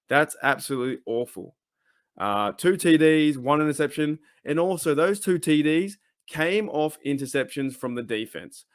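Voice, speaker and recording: A man's voice: on the high side, a bit bright, no echo, clean studio sound. A man hosting a fan channel and ranting about his team, frustrated and emphatic, often repeating his points. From Australia. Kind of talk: casual ranting commentary.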